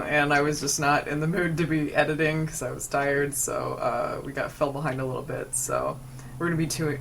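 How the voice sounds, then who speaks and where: A woman's voice: deep voice, fairly bright tone, a little hiss or hum. A young adult woman hosting a casual podcast chat, talking loosely and swearing freely. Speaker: podcast host.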